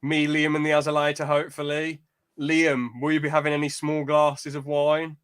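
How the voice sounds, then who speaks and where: A man's voice: fairly high pitch, normal speed, clean tone. Chatty man hosting a podcast. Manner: rambling, animated when telling a story. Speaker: podcast host. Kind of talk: casual chat.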